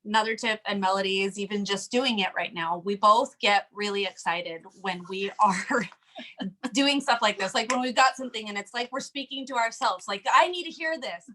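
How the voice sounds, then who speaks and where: A woman's voice: mid-range voice, normal speed, bright, forceful tone, low-quality recording. A woman co-hosting a casual sales chat, upbeat and encouraging. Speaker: sales team co-host.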